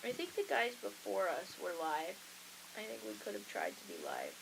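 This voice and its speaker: With vocal fry, huge pitch swings, and a moderate pace, this medium-pitched female voice comes through over background noise. A young woman hosting a college radio show, she chats casually and does the voices of the people she quotes in her stories.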